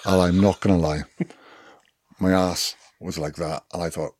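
A man with a Welsh accent, a former rugby player, telling lively anecdotes as a podcast guest with swearing and laughs. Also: deep voice, moderate pace, husky, dry recording, clean studio sound. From Wales. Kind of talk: casual storytelling chat.

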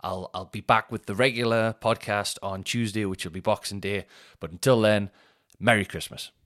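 Man, lower pitch, casual storytelling, swears a lot, laughs mid-story. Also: steady tone, moderate pace, a bit bright. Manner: sweary, rambling, laughs through anecdotes. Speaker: podcast host.

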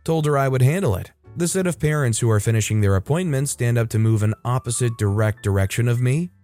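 Male narrator, mellow tone, steady conversational reading of stories, faint music under. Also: medium pitch, quick pace. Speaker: story narrator. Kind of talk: reading online stories aloud.

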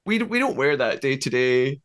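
A man with a Scottish accent co-hosts a recap podcast, talking casually. His pitch sits in an ordinary middle range, and he laughs easily and often restarts his sentences. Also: big pitch swings, moderate pace, a bit bright. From Scotland. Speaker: podcast co-host. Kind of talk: casual chat.

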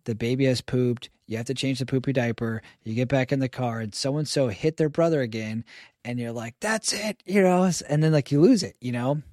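Animated man on a dry podcast mic. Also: medium pitch, brisk, no room sound. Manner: animated storyteller who acts out quoted people. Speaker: podcast guest, stay-at-home father. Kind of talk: casual podcast conversation.

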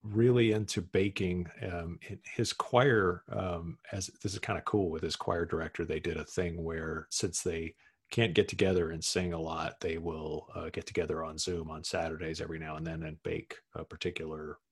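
A man's voice: low voice, level tone, normal speed, breathy edge. A middle-aged man co-hosting a podcast, chatting casually, rambling with restarts and laughs. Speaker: podcast co-host. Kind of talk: casual chat.

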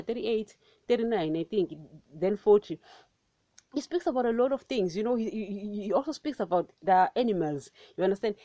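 Fiery, mellow-voiced woman preacher. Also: medium pitch, dry recording. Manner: emphatic and fiery, repeats rhetorical questions; conversational, many fillers. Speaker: podcast preacher. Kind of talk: informal devotional teaching.

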